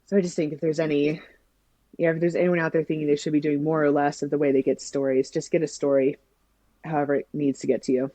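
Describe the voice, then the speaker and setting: A woman speaking as a podcast guest in a warm, mellow voice. She talks enthusiastically and expressively, and the recording is close and dry. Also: low-pitched, flat delivery, fast talker, dry recording. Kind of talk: casual conversation.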